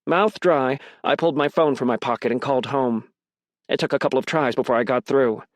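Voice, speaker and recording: Male narrator, audiobook reading, measured, tense, mid pitch, dry sound. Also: dry recording. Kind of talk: first-person audiobook narration.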